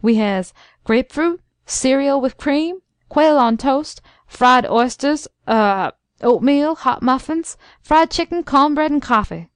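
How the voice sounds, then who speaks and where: A woman's voice: high voice, animated, slow, no echo, clean studio sound, pitched above the performer's own voice. A woman reading an audiobook, voicing an eager, flustered elderly male house servant who talks fluently in folksy dialect. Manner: fluent, rattles off lists, folksy dialect speech.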